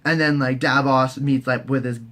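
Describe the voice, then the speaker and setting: A young man, recapping a TV season in a casual, profane, jokey way and slipping into quick silly character voices. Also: medium pitch, flat delivery, fairly bright tone. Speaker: recap host.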